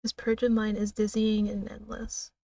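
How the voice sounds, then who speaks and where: A woman streamer reading a narrative game aloud in a slow, dramatic way, now and then breaking off with laughs and asides. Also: medium pitch, completely flat delivery, creaky, warm tone, no room sound, distant mic.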